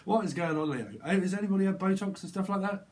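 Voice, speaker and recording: A man giving a casual, rambling tarot reading, breaking into quick acted-out exchanges full of slang. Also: high-pitched, darkish tone, rough recording. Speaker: tarot reader.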